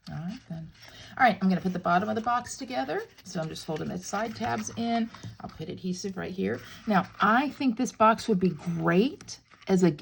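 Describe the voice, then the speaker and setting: A middle-aged woman talks viewers through a craft project in a casual, joking way. Her pitch swings up and down freely, and her voice has a gravelly edge. A faint hiss sits behind her. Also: darkish tone. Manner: chatty and playful, jokes with viewers. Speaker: crafting tutorial host.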